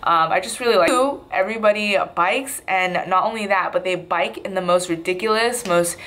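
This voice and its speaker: A woman's voice: medium pitch, normal speed, fairly bright tone. A young woman in her twenties chatting casually in a video diary, rambling a little with frequent "um"s. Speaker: vlogger.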